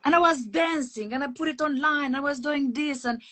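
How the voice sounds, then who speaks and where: A woman's voice: high-pitched, normal speed, pushed and bright. A woman who is a guest on a podcast, talking about emotions in an earnest, explanatory way with non-native grammar. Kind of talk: conversational podcast talk.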